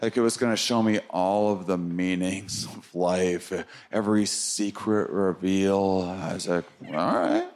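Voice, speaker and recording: A man doing stand-up, telling a story with lively swoops into squeaky sound effects. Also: a little slow, hardly any pauses, reverberant. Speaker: stand-up comedian. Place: comedy club stage.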